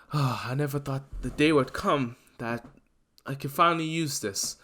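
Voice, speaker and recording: A man's voice: mid-range voice, a little slow, fairly bright tone. A man voicing an earnest, determined teenage boy hero, with an eager, raised voice.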